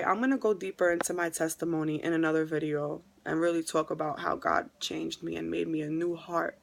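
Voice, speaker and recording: A woman's voice: fairly low pitch, creaky. Earnest New woman giving testimony. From New York. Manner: emotional, repeats phrases for emphasis. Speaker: vlogger. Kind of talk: earnest religious testimony vlog.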